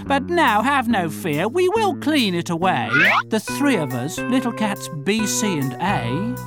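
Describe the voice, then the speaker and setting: A woman's voice: mid-range voice, sing-song, measured pace, over loud music. A woman voicing a small, confident male helper cat in a storybook, speaking in a matter-of-fact, reassuring way.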